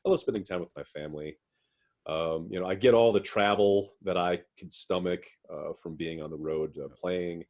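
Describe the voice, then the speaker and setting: A man's voice: deep voice, steady tone, normal speed, a little mellow. A man, a guest musician, answering interview questions in a rambling way, with many fillers and restarts.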